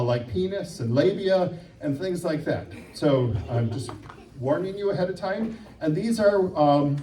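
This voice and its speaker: A workshop leader with a Wisconsin accent and a fairly high, mellow voice runs a church workshop, joking with the group and frequently asking "okay?" The room is echoey, the mic is far away, and there's slight background noise.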